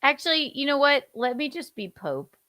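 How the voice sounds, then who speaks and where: A woman in her thirties co-hosts a podcast in casual chat, playful and quick to laugh. Her voice is bright and lively in pitch, and she talks at an unhurried pace. The sound is dry and close. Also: no room sound. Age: 30s. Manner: playful, bursts into loud laughter. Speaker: podcast co-host.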